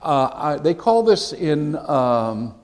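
A man, a pastor, teaching a sermon in an animated, emphatic and conversational way. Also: a little high, slow pace, in a large hall.

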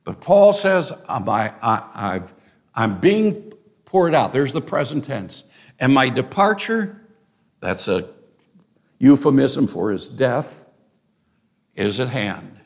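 Slow, gravelly older male preacher. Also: medium pitch, very animated. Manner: deliberate, emphatic preaching with rising stresses. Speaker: pastor. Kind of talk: expository sermon.

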